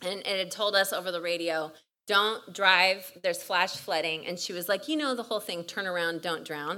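A young woman from California giving a chatty, storytelling sermon at a women's retreat, full of "like" and quick asides. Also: on the low side, slight background noise. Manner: chatty, animated, lots of "like". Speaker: retreat speaker.

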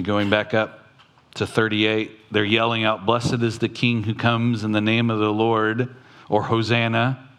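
A man preaching a sermon in an unhurried, measured way. His voice sits on the low side. He quotes scripture and then talks plainly to his listeners, with his voice lifting now and then. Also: fairly bright tone. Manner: preaching slowly, quoting scripture, with sudden rises in pitch. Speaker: pastor.

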